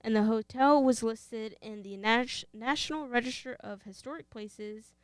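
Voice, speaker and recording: Texan woman, podcast co-host, playful fact-reader, higher smooth voice. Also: moderate pace, dry recording. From Texas. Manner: playful, reads facts then banters. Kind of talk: casual chat.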